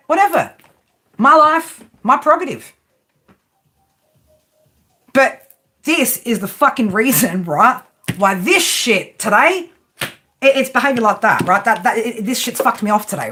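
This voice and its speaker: Her voice is high and sharp, swinging widely in pitch at a moderate pace. This tarot reader rants off the cuff on her stream, cursing, combative, and asking rhetorical questions punctuated by "right?" again and again.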